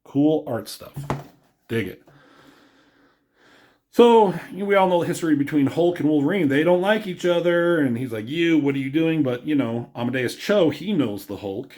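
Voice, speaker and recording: A man's voice: on the high side, animated, normal speed, a little mellow. A man reviewing a comic book in a loose, rambling way, with lots of fillers and a chuckle now and then. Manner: rambling, filler-heavy, chuckles at his own jokes. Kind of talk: casual video review.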